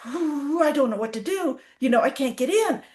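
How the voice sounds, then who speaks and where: A woman's voice: high-pitched, lively intonation, moderate pace, darkish tone, pitched above the performer's own voice. A woman voicing a sly, pushy young foal. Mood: puzzled. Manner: sly, testing limits.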